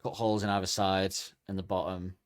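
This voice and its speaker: A man's voice: low voice, a little fast, clean tone, no room sound, studio quality. Joking man on a podcast. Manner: animated, jokey, acts out quotes. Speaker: podcast co-host. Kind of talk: casual comedic chat.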